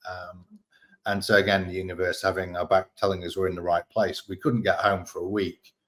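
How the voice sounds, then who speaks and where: Deep-voiced Australian man telling stories. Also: a little fast. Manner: relaxed, candid, swears freely. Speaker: guest. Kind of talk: casual storytelling chat.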